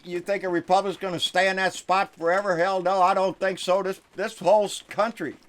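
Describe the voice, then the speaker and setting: A middle-aged man with a Texan accent hosting a live stream political rant, folksy, with quiet asides and loud outbursts. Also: high voice.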